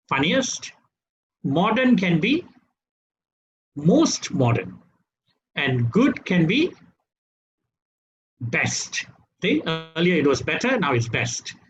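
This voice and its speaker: A man with a Malaysian English accent teaches an online English class, his high voice rising and falling in a lively way. He keeps asking "right?" to check the class is following. The webinar audio is dull and lo-fi. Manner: lively, tag questions "right?" after each point. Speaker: English trainer. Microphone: webinar computer mic.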